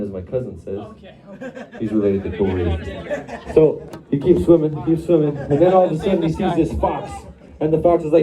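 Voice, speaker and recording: Here the bandleader's stage banter is animated and slightly quick, pitched on the high side. He's still cracking loose, wandering jokes with the bar crowd between numbers. It's captured by a faraway room mic under crowd and band noise.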